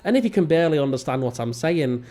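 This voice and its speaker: A man's voice: a little high, expressive, quick pace, warm tone. Jokey Northern English man. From England. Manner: rambling, self-mocking and jokey. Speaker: let's play host. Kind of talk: casual gameplay commentary.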